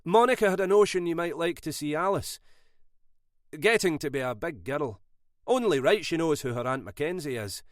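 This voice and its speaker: Narrator doing creepy controlling husband, clingy and threatening, dry sound. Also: male voice, on the high side, lively intonation, moderate pace, no echo, voice pushed up, lightly acted. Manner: coaxing then snarling, possessive. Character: controlling, obsessive husband turning menacing.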